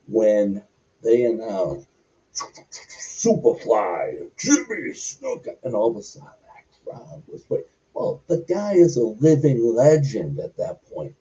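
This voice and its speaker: A wrestler telling a long backstage story in an interview, rambling with many fillers. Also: male voice, medium pitch, mellow. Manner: rambling, filler-heavy anecdotes. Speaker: wrestler guest. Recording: muffled lo-fi recording.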